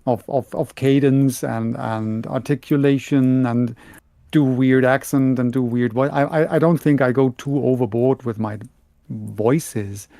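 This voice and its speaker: A man from Germany with a Bavarian German accent, chatting casually as a podcast co-host, halting and restarting often. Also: mid-range voice, fairly even intonation, creaky, warm tone, no room sound. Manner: halting, many restarts and repeated words. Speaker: podcast co-host and audiobook narrator. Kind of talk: casual chat.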